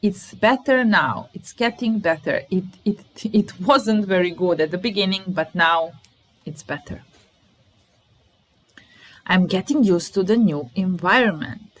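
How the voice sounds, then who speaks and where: Slow Serbian-accented woman teaching English. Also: mid-range voice, lively intonation, poor audio. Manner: repeats example sentences slowly, explaining them. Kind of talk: language lesson.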